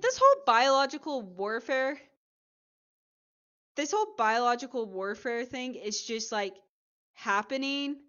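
A woman co-hosting a podcast, chatting casually as she retells a TV episode with lively acted-out quotes. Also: a little high, dull audio. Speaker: podcast co-host. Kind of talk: casual chat recapping a TV episode.

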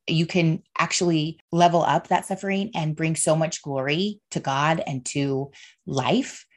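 A woman in her thirties with a low, slightly mellow voice hosts a casual solo podcast, speaking earnestly and openly about faith and feelings. She often checks in with listeners by saying "right?" and "okay."

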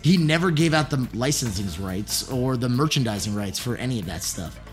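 A man co-hosting a casual podcast chat, joking and riffing with deadpan asides. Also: medium pitch, fairly quick, faint music behind. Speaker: podcast co-host.

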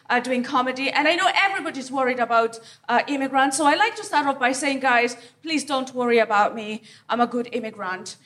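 A woman from Africa performing a live stand-up set, with punchy, teasing delivery and pauses for laughs. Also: high voice, bright, forceful tone. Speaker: stand-up comedian. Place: comedy venue stage before a live audience. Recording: live room with audience laughter.

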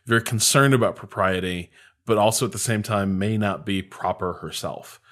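A man's voice: fairly low pitch, normal speed, fairly bright tone. A man co-hosting a casual podcast, analyzing the story with enthusiasm and frequent fillers. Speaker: podcast co-host. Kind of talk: casual chat analyzing a period drama.

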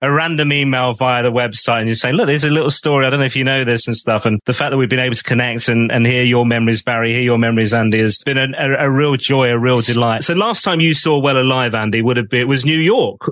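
A man's voice: mid-range voice, quick pace, few pauses, a bit bright, dry recording. A man hosting a podcast, chatting casually and laughing along with his guests. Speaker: podcast host. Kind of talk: casual interview chat.

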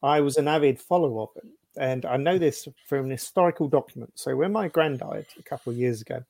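A Scottish man, a football writer and podcast guest, telling relaxed anecdotes. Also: medium pitch, fast talker, vocal fry, no room sound. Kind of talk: casual podcast chat.

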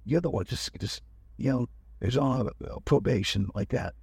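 A man's voice: medium pitch, moderate pace, vocal fry, darkish tone, husky, no room sound, clean studio sound. An older man telling a rambling personal story in casual talk, acting out the people he quotes. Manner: rambling, acts out quoted officers. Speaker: guest telling his life story.

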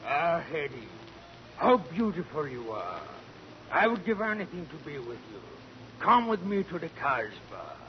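A man impersonating a pompous, boozy older gentleman with a slow drawl, in 1940s radio comedy. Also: fairly high pitch, big pitch swings. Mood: wooing. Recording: dull lo-fi 1940s radio broadcast with hiss.

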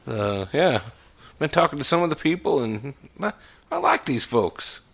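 A man's voice: medium pitch, big pitch swings, a little slow, vocal fry, a bit bright, husky. A man playing a tabletop role-playing game, speaking in character in a casual, folksy way with frequent restarts. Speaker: player.

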